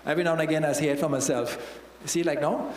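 A man's voice: on the high side, steady tone, fast talker, reverberant, long reverb tail, a little hiss or hum, rough recording. A man with a Trinidadian accent, a church elder preaching a sermon in a conversational way, often checking in with "all right?".

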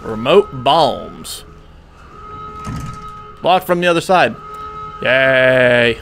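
A man's voice: fairly high pitch, lively intonation, measured pace. A man giving joking let's play commentary, talking to himself as he plays and jumping at scares. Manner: talks to himself, jumpy and joking. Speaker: gaming channel host. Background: game music.

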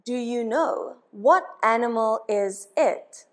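A woman from Africa, teaching children English words slowly and patiently, asking questions and having them repeat each word. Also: fairly high pitch. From South Africa. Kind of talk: slow children's English lesson.

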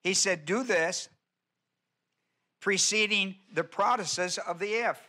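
A man preaching a teaching sermon, his voice bright and ringing and set a little higher than most men's. He presses each point by repeating it and keeps asking the congregation questions. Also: takes it slowly. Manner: emphatic teaching, repeats key words, asks the congregation questions. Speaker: pastor. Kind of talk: expository sermon.

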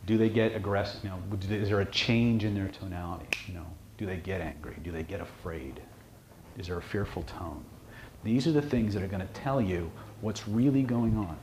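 A man's voice: deep voice, a little fast. Blunt man lecturing in an echoey room. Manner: blunt, joking, asks okay often. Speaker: hypnosis teacher. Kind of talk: casual seminar lecture to a live group. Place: seminar room with audience. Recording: echoey room, faint noise.

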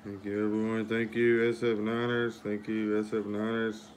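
Livestream host, male, deep-ish and even, runs through viewer thank-yous in a steady drone. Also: moderate pace, slight background noise. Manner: repetitive shout-outs and thanks to viewers. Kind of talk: casual live-stream chat.

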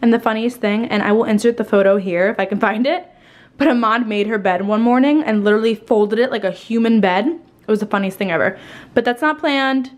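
A woman's voice: a little high, brisk. Bubbly, tired young woman vlogger. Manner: bubbly, rambling, swears casually. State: tired, a bit out of breath. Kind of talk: casual chatty home tour. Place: at home indoors.

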